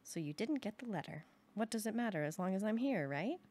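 A woman's voice: medium pitch, lively intonation, fairly quick, a little mellow, lightly acted. A woman voicing a blunt, cheerful old man of 111 with an old-country accent, speaking in a matter-of-fact way. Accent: put-on old-country accent.

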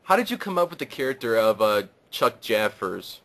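A man's voice: medium pitch, very animated, moderate pace, a bit bright. A man interviewing guests at a panel, casual and lightly joking.

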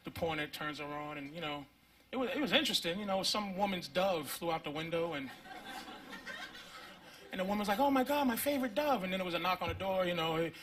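Profane stand-up man, higher voice. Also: a little fast, bright, forceful tone. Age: 30s. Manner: conversational, profane, acts out voices. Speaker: stand-up comedian. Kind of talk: stand-up comedy routine.

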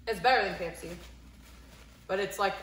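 A woman's voice: medium pitch, fairly quick, reverberant, a crowd in the background. A woman chatting casually during a food taste test, laughing often and playfully dramatic. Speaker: co-host taste tester.

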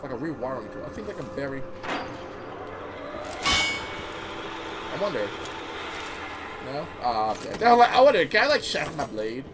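A teenage man giving casual, rambling let's-play commentary, excitable and quick to swear. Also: fairly high pitch, very noisy. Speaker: gameplay commentator. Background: game music.

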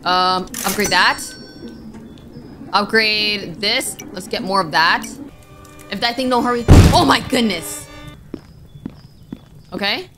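A woman's voice: medium pitch, slow, pauses often. A woman giving let's-play commentary, jumpy and flustered. She keeps crying out in alarm and pleads with the game under pressure. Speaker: gaming YouTuber. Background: game music.

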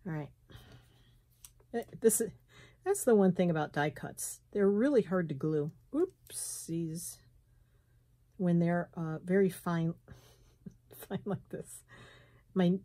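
Craft vlogger, middle-aged woman, slight Southern lilt, husky, warm and unhurried, thinks out loud. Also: lowish voice. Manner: chatty, thinks aloud while crafting, frequent soft laughs. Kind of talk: casual craft tutorial chat. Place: home sunroom, indoors.

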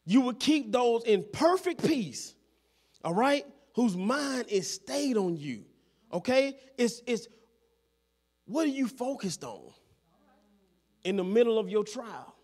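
A man's voice: very high-pitched, big pitch swings, takes it slowly, long pauses, darkish tone. A man preaching a sermon as pastor in a church, constantly checking in with the congregation and repeating his phrases.

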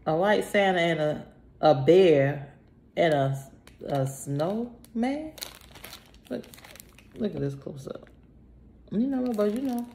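Woman, vlogger, low unhurried voice, slightly breathless, faint room hiss and crinkling. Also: vocal fry, dark tone. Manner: chatty, talks to herself, sighs, drawn-out greetings. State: a little out of breath. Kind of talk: casual unboxing chat.

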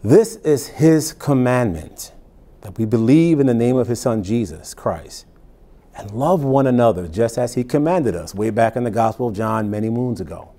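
In this sermon, a male pastor reads verses deliberately and breaks them down in plain, conversational remarks. His medium-pitched voice is expressive and mellow.

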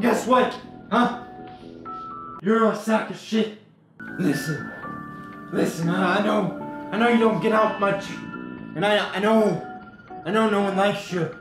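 High-pitched guy for a comedic VR let's play, brash and loud, in a very echoey room. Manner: brash, loud, trash-talking. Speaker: gamer.

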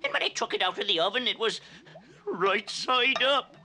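A performer voicing a wide-eyed, superstitious villager in a 1960s animated musical, speaking slowly and with awe. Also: medium pitch. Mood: awed.

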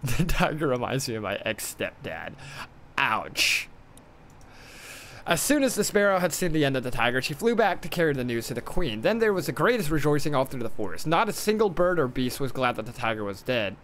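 A man's voice: a little high, very animated, quick pace, few pauses, fairly bright tone, slight background noise. Irreverent male streamer reading aloud. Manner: irreverent asides, stumbles over words.

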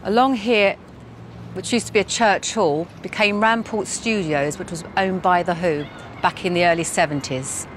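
Brief: woman in her fifties, lowish voice, chatty reminiscing, city street sounds behind. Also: moderate pace, slight background noise. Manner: chatty, pointing things out. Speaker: interviewee. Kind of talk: reminiscing on location. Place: outdoors on a city estate.

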